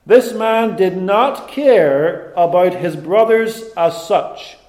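A man preaching a sermon, deliberate and emphatic, with dramatic pauses. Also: sits high, a little mellow, roomy sound.

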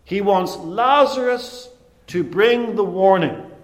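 Slow, high-pitched preaching man. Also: echoey room. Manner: deliberate, emphatic preaching with dramatic pauses. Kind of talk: sermon.

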